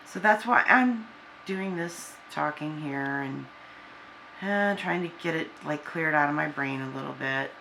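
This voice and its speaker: Slow, low-voiced woman venting, halting. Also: vocal fry, sharp tone, slight background noise. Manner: halting, hesitant, with many restarts; subdued and downcast. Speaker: vlogger. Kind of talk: personal venting to camera. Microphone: camera with a person filming.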